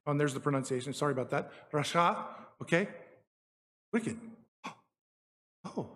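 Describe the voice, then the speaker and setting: A man's voice: mid-range voice, lively intonation, normal speed, long reverb tail. A man giving a Bible teaching in a conversational, explanatory way, often checking in with the listeners. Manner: explanatory, conversational, frequent "okay?" check-ins. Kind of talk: Bible teaching on Hebrew words.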